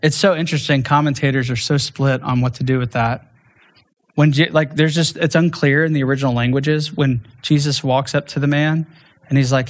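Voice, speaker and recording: A man's voice: fairly high pitch, fairly even intonation, a little fast. A man, a pastor, preaching a sermon in a conversational way, with playful asides and frequent restarts.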